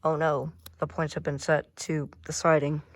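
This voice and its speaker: A woman's voice: low-pitched, flat delivery, moderate pace, no room sound, studio quality, natural voice. A woman voicing a goofy, talkative male toy train engine that squeals, yelps and mocks itself. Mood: playful. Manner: playful, self-mocking, squeals and yelps. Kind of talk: playful toy role-play.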